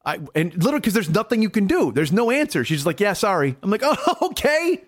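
A man's voice: high voice, big pitch swings, rapid-fire. A young man telling a comic story as a podcast co-host, ranting in an exasperated, profane way and acting out quoted dialogue.

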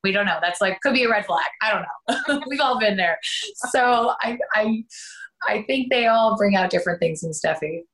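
A woman's voice: medium pitch, normal speed, a bit bright. A Canadian woman, an actress, chatting in an interview, talkative with laughing asides. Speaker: soap opera actress, guest. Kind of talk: casual interview chat.

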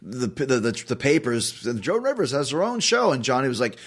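A man from Canada, a podcast guest telling stories in lively casual chat and swearing freely. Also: medium pitch, moderate pace, breathy edge. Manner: animated storyteller, swears freely.

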